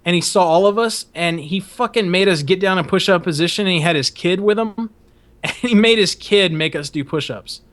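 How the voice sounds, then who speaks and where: A man's voice: high voice, moderate pace, a bit bright. A young man hosting a podcast, telling a long rambling story in casual talk, swearing a lot and often laughing. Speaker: podcast host.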